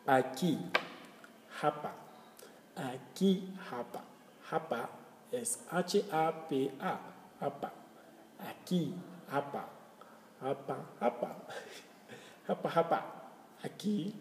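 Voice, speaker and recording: Slow, gravelly man teaching words. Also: on the high side, lively intonation, roomy sound, in a large hall, a little hiss or hum. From Kenya. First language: Swahili. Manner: repeats words slowly, spells them out letter by letter, laughs often. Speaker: language teacher. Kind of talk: casual language lesson.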